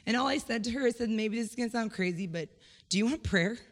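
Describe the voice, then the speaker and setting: A woman's voice: on the high side, fast. A woman sharing a heartfelt personal testimony at church, speaking earnestly and conversationally. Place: church hall. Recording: echoey hall reverb.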